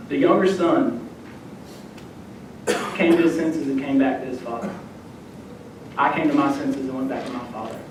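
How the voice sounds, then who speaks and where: Steady and at normal speed, a young man's voice leaves long pauses while he preaches in a church sanctuary. As a youth minister, he tells a personal story and performs the voices he quotes, recorded from afar in an echoey hall with faint rumble.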